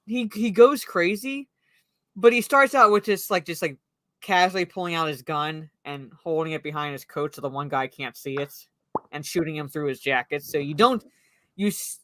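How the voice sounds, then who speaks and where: Co-host, casual film chat; bright, tense tone; rambles and restarts constantly, close dry mic. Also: mid-range voice, moderate pace, no echo. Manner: rambling, heavy use of "like". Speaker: podcast co-host. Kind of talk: casual movie discussion chat.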